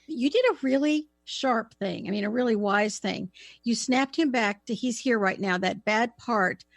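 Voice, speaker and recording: A woman hosting a talk radio show, giving calm, reassuring spiritual advice. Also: a little high, measured pace, no room sound.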